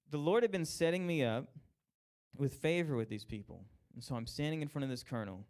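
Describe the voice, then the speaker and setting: Young man, testimony storyteller, animated, plays out quoted voices, mid-pitched. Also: brisk. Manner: animated, acts out quoted voices, laughs at himself. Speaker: speaker sharing a personal testimony.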